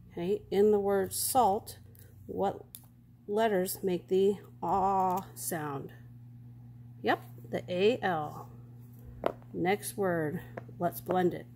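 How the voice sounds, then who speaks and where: A woman teaching a phonics lesson to young children, sounding out each word slowly and carefully. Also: on the low side, vocal fry, mellow, slightly rough. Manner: slow, careful sounding-out of words.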